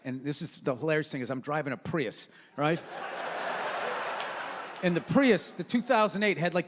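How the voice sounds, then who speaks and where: A male stand-up comedian on a stage mic, telling profane, ranting stories in his own routine. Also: sits high. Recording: reverberant hall with faint room noise.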